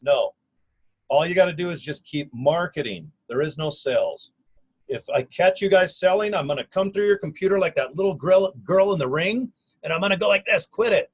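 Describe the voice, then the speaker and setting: A man in his fifties talks casually and energetically into his own camera, pitching an online business in a folksy, slangy, emphatic way. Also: expressive, normal speed, slightly rough, rough recording. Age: 50s. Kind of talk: casual self-recorded video pitch. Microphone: camera or phone mic.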